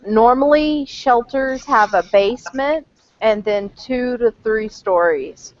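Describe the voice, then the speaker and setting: A woman playing in a tabletop role-playing game, explaining things in an unhurried, casual way. Her pace is very slow and the audio is dry and slightly muffled. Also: a little high, no echo. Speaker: player.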